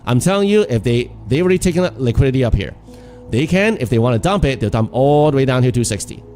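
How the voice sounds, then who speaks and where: A man's voice: medium pitch, sing-song, fast talker, a little mellow, faint music behind. Man streaming live trades, slight stutter. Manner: stutters a little, repeats words; chatty, laughs often. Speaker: day trading streamer. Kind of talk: live trading commentary to chat.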